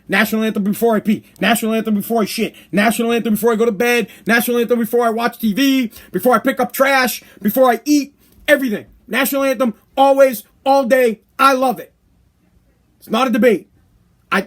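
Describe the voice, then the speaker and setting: A man's voice: very high-pitched, a little fast. A man hosting his own podcast, ranting bluntly in a casual monologue and swearing often. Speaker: podcast host.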